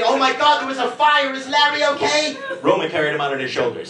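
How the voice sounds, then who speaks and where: A man's voice: sits high, moderate pace, very noisy. A man of forty doing a stand-up comedy set, wry and self-mocking, often acting out the voices of people he quotes. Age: 40s. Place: comedy club stage before a laughing crowd. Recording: roomy club audio from a distance, crowd laughter.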